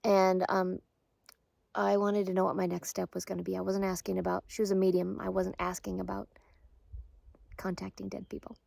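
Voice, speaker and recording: A middle-aged woman, a respiratory therapist, telling a personal story in a soft, hushed, earnest way. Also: mid-range voice, level tone, normal speed, creaky, no echo.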